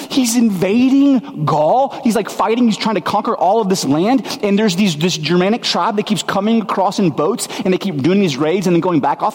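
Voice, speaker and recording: A male pastor giving a sermon, shifting into casual, conversational storytelling with relaxed asides. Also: sits high, in a large hall.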